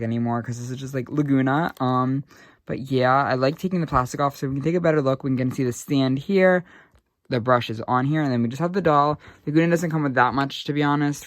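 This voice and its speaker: A young man giving a casual doll unboxing review, excitable and gushing, with lots of fillers. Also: medium pitch, no echo, clean studio sound.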